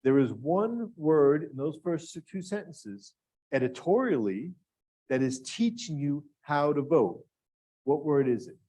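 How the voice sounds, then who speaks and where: A man's voice: on the high side, big pitch swings, a little slow, dark tone. Man teaching a writing workshop. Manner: engaging, asks the audience questions. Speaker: grant writing workshop instructor. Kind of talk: live workshop lecture. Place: classroom with live and remote audience.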